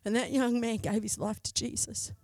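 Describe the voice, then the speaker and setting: A woman's voice: a little high, fairly even intonation, moderate pace, darkish tone, no echo. A middle-aged Australian woman, a pastor's wife, telling a candid personal story in a sermon.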